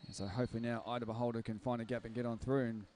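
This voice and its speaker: A man's voice: mid-range voice, flat delivery, racing, dark tone, a little hiss or hum. A man giving live roller derby commentary, chatty and joking at his own expense. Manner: chatty, jokey, self-deprecating, ad-libbing. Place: sports venue.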